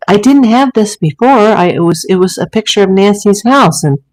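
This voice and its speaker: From a home room with a green screen and ring light, a woman hosts a relaxed livestream in an animated, slightly mellow, medium-pitched voice. She speaks at a normal speed, rambling and chatting with many fillers, captured on a low-quality recording.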